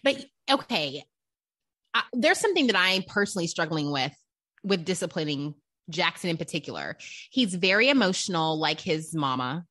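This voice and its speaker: Reflective young mom chatting. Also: female voice, lowish voice, big pitch swings, normal speed, fairly bright tone. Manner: reflective, thinks aloud, acts out her kids' voices. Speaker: podcast co-host, mother. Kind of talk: casual chat.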